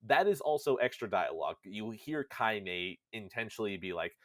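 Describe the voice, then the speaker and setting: Host, male, lively storyteller recapping a game, dry close sound. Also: on the low side, normal speed, dry recording. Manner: animated storytelling, jokey asides. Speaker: podcast host.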